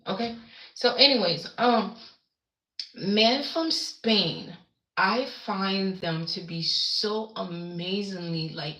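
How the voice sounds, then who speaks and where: Slow-talking chatty woman streaming from home. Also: fairly low pitch, a bit bright, echoey room, rough recording. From the Caribbean islands. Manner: rambling, chatty, reacts to viewer comments. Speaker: livestream host. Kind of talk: casual livestream chat. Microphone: webcam.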